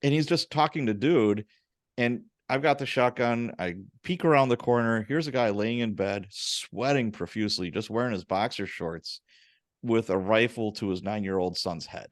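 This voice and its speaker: Low-voiced man hosting a podcast. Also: normal speed, no room sound, clean studio sound. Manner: animated storyteller, casual and profane. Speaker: podcast host, former police officer. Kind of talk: casual interview chat, storytelling.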